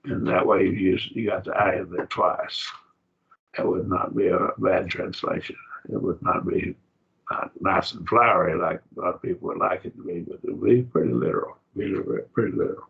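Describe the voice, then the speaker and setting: A man lectures to a class in a low, gravelly voice, walking through each point plainly and patiently. The recording is dull and lo-fi. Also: normal speed. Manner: plain, explanatory, with fillers and restarts. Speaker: Bible class teacher.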